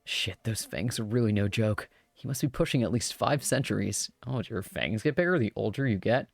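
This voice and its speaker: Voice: medium pitch, lively intonation, brisk, vocal fry, no room sound. Giggly streamer reading a game. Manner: giggly, chatty, joking asides. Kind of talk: live-streamed visual novel read-aloud with commentary.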